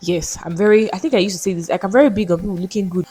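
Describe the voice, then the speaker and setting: A woman's voice: mid-range voice, rapid-fire, mellow, breathy edge, faint music behind. A young woman answering viewer questions in a casual vlog, frank and chatty.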